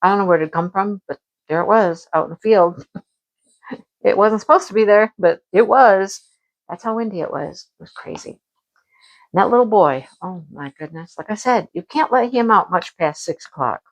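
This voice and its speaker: A woman chatting casually at home as a crafting vlogger, animated and talkative, acting out her own past remarks. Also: mid-range voice, moderate pace, poor audio. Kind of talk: casual chat about crafts and home life.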